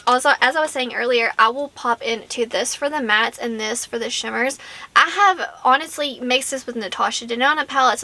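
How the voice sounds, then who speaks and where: A woman's voice: fairly high pitch, sharp tone. A young adult woman giving a chatty, gushing product review to camera, full of fillers and self-corrections. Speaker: beauty vlogger.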